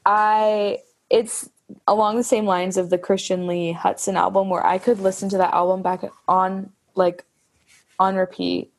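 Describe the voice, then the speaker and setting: A woman's voice: medium pitch, level tone, unhurried. A woman co-hosting a music podcast in casual chat, effusive and laughing often, with some swearing. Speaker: podcast co-host.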